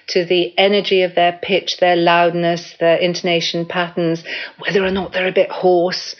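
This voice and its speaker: A woman voice coach explaining things calmly in a radio interview, giving spoken examples as she goes. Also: lowish voice, lo-fi sound.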